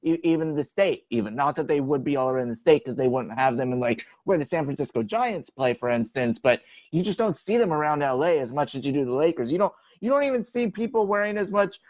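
A young man with a fairly high voice co-hosts a sports podcast, rambling casually and filling his sentences with "like". The sound is dull and lo-fi, with a dry, close feel. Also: fairly quick, dry recording. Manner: relaxed, rambling, filler "like". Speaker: podcast co-host.

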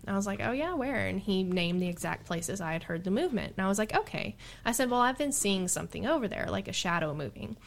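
A middle-aged woman, a Bigfoot researcher, telling a story in casual chat, animated and exasperated, laughing now and then. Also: medium pitch, quick pace, vocal fry, hardly any pauses.

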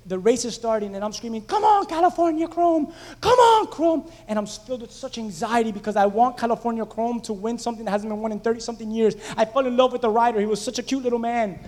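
High-voiced man preaching in a reverberant hall. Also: fast, few pauses. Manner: animated storytelling, asks the congregation questions. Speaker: pastor. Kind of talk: conversational sermon.

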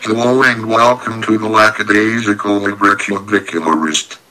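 A man putting on the voice of a grand male show announcer, announcing slowly and formally. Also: lowish voice, fairly even intonation, music in the background, voice pushed down, lightly acted, poor audio. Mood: grandiose.

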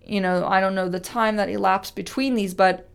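An earnest woman gives a devotional teaching in a conversational, heartfelt way. She often repeats her key phrases for emphasis and slows down into a weighty cadence when she reads scripture. Her voice sits at an ordinary middle pitch. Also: steady tone, vocal fry, clean tone. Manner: reads scripture aloud with slow, weighty delivery. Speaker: speaker teaching a Bible study.

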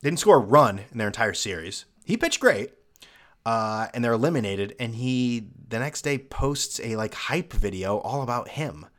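A young man hosting a solo sports podcast, ranting in a sarcastic, mocking way. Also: fairly low pitch. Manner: sarcastic, mocking, with mimicked fan voices. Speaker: podcast host.

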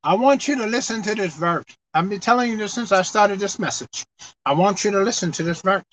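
A man preaching a fiery sermon, repeating lines for emphasis, reading scripture slowly, and breaking into shouts. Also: very high voice, no room sound. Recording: dull lo-fi dry recording.

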